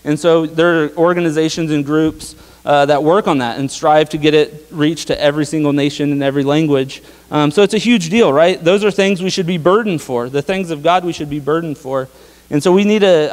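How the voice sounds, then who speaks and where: Chatty young man preaching in a reverberant hall. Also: on the high side. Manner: conversational, tag questions, many fillers. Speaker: pastor. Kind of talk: casual sermon. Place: church sanctuary.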